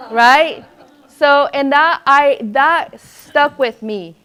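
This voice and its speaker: A middle-aged woman educator speaking to a room of teachers in a slightly higher voice. She tells classroom anecdotes with lively energy, acting out the people she quotes. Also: extremely slow. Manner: lively storyteller who acts out quoted voices. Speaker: educator presenting at a teacher training. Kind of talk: presentation to teachers.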